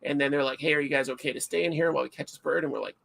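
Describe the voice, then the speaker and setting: A middle-aged man hosts a livestream in casual chat and tells stories with animated, self-mocking energy. His voice sits a little high and sounds bright and forceful, with a gravelly rasp running through it. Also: racing. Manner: animated storyteller, self-mocking, acts out shouts. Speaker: livestream host.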